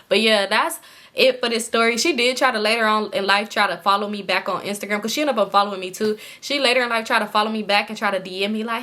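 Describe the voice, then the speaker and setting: A young woman with a hoarse throat telling a storytime to her viewers in casual, slangy, animated chat. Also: a little high, fast talker. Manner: animated, slangy, quotes people in voices. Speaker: storytime vlogger.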